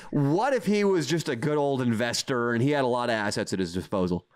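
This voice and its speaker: A man's voice: mid-range voice, expressive, quick pace. A man co-hosting a podcast, grilling a guest in a mock-serious, joking way. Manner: mock-serious, playful interrogating. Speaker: podcast co-host.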